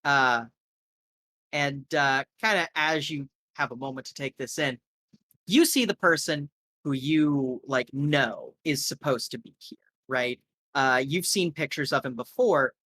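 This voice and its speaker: A man's voice: medium pitch, measured pace, sharp tone, no echo. A man narrating a tabletop game as game master, rambling casually with lots of fillers.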